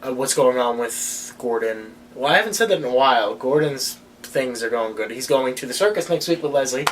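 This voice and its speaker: A man's voice: medium pitch, animated, brisk. A man co-hosting a casual chat about the week's TV episodes, rambling and correcting himself as he goes and laughing often. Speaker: podcast co-host. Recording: distant mic with faint noise.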